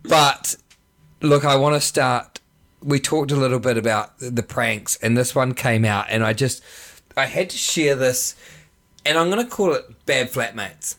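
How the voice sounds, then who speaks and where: A man's voice: mid-range voice, measured pace, a bit bright. A man, co-hosting a podcast in casual, laughing chat full of "you know". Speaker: podcast co-host.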